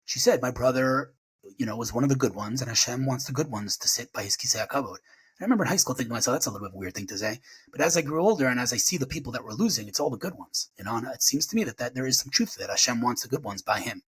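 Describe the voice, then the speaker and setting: A man in his forties, a podcast guest sharing emotional memories in a rapid, halting way full of restarts. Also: mid-range voice, animated, a bit bright, husky, rough recording. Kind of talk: emotional personal remembrance.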